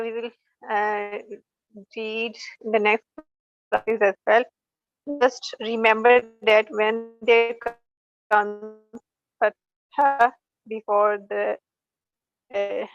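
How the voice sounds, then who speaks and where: A woman leads an online recitation class, her voice a little high and fairly level in pitch. She speaks slowly and patiently, drawing out each example. The audio is dry and a bit dull, like a video call. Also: no room sound. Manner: patient, slow demonstrating of recitation. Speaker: tajweed teacher.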